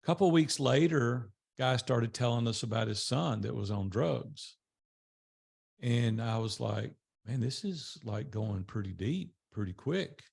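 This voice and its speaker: An older man recounts his life story to a small group in a conversational manner, with lively intonation and a measured pace. His voice is gravelly, a little mellow and breathy-edged, and he voices the people he quotes, his pitch rising as he acts out their dialogue.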